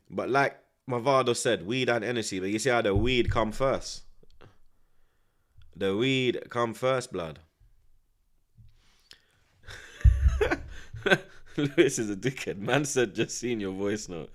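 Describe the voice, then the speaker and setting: A young man, chatting casually in street slang and reacting live to a football match. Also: medium pitch. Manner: animated, street slang, frequent tag questions. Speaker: streamer.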